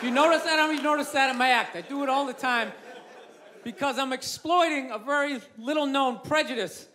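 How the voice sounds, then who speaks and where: Ranting profane stand-up comic. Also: male voice, very high voice, brisk. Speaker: stand-up comedian. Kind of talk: stand-up comedy. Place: comedy stage before a live audience. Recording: reverberant live venue with crowd noise.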